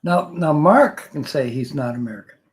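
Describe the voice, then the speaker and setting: A man's voice: fairly high pitch, animated, moderate pace, poor audio. An older man hosting a casual live stream, reading viewer comments aloud and joking with a frequent chuckle.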